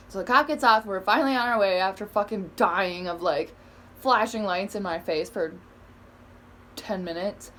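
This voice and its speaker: A woman's voice: medium pitch, moderate pace, fairly bright tone, slight background noise. A young woman telling bus stories to camera in a casual, profane, rambling way, full of "like" and calling herself awkward. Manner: profane, rambling, heavy use of "like"; self-described awkward. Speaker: vlogger.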